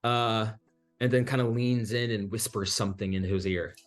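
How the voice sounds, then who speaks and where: Low-voiced man running a tabletop game. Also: fairly even intonation, normal speed. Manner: descriptive, filler-laden storytelling. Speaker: game master. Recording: faint music behind.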